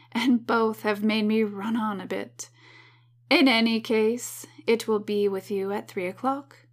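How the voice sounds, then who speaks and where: A woman reading aloud as a scheming, sassy aristocratic letter-writer, with a twang and a soft, half-whispered delivery. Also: medium pitch.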